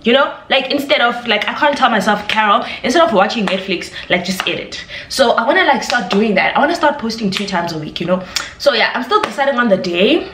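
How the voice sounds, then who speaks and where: A woman's voice: on the high side, lively intonation, fast talker, background noise. Woman, about twenty, rambling vlog chat, roomy echo behind her. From South Africa. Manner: rambling, filler-heavy, chatty. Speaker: vlogger. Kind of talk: casual chat to camera. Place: at home indoors. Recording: echoey room.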